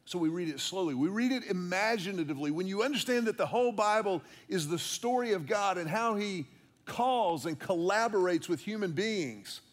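A man preaching a conversational sermon, with playful asides and repeated words for emphasis. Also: high-pitched. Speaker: pastor.

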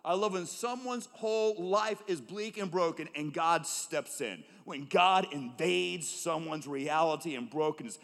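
An animated male preacher with a fairly high voice, delivering a sermon in a large church auditorium. He swings between loud, emphatic calls and hushed, low tones. A long reverb from the hall trails behind his words. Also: a little slow, hardly any pauses. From United States. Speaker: pastor.

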